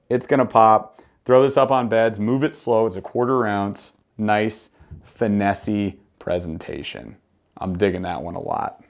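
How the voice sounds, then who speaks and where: A fishing vlog host talks through tackle in a loose, casual way. This man has a somewhat low voice and gets excited and jokey, dropping slang as he shows off each bait. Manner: enthusiastic, slangy, joking. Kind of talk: casual gear review.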